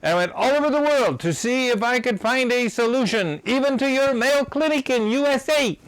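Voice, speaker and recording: A man voicing a grateful, wealthy Russian woman in a high, gushing voice. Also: animated, moderate pace, fairly bright tone, clear, resonant tone, no room sound, poor audio. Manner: high-pitched effusive gushing.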